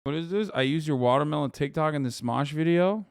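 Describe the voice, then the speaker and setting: A man streaming live, reacting to clips with profane, mocking, animated commentary. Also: fairly high pitch, fairly quick, creaky, music in the background. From United States.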